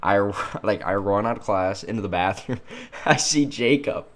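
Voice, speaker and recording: Excitable young man saying "dude". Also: fairly low pitch, measured pace. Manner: excitable, says "dude" a lot, laughs. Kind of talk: casual chat.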